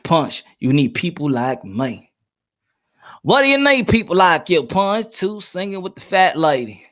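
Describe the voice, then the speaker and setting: Man, boxing podcast host, high voice, sharp bright tone, joking, repetitive. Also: big pitch swings, a little slow. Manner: playful, joking, repeats himself. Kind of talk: live-stream casual chat.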